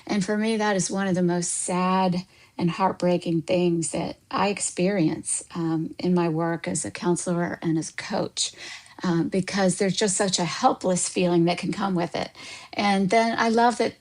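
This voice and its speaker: Woman guest counselor, lowish voice, warm and thoughtful explainer. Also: fairly even intonation, normal speed, low-quality recording. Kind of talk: radio interview.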